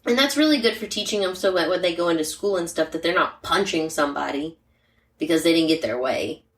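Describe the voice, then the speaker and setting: A woman co-host talks plainly and directly, scattering casual fillers and soft murmurs of agreement as she chats. Her voice sits a little low and reaches the listener from some distance off the mic, wrapped in a roomy echo. It is relaxed podcast conversation, matter-of-fact rather than polished. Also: brisk. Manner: straightforward, chatty, many "like" fillers and murmured agreement. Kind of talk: casual chat.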